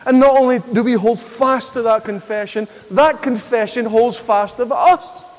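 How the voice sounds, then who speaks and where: A pastor with a very high-pitched voice delivers a sermon at normal speed, its sound echoing through a church hall. He works up to forceful declarations, prompting the congregation to call back.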